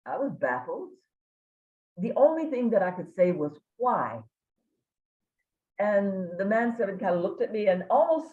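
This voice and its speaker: An older woman from Kentucky giving a guest lecture, telling a humorous story with dramatic pauses. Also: medium pitch. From Kentucky, USA. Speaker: guest speaker. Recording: echoey room, tinny phone-like sound.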